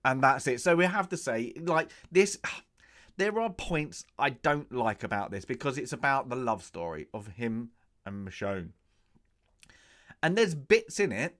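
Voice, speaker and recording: A man's voice: medium pitch, sing-song, measured pace, fairly bright tone. Chatty man reviewing a TV episode. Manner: chatty and rambling, drops into mock reactions. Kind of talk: casual spoken TV review.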